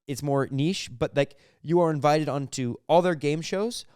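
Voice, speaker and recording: A young man co-hosting a podcast, chatting casually, rambling excitedly and laughing often. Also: on the high side, normal speed, clear, resonant tone, no echo, studio quality. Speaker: podcast co-host. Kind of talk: casual chat.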